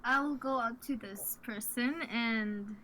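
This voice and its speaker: A woman with a high voice speaks slowly, thinking aloud as she plays a tabletop game. Faint noise sits under her voice. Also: a bit bright, rough recording. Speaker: player.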